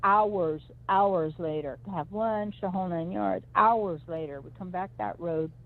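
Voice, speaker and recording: Gravelly woman on a tinny phone line. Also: fairly low pitch, unhurried. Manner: rambling, emphatic storytelling with restarts. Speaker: psychic reader. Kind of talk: personal storytelling on a call-in show.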